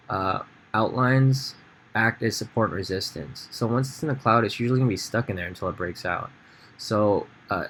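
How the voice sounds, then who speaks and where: A man with a fairly low voice walks through a trading chart in a relaxed, conversational way, pausing on fillers and restarting his sentences. A faint hiss of noise sits under his voice. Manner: casual, thinks aloud with fillers and restarts. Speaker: trading educator. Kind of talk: screen-share trading tutorial.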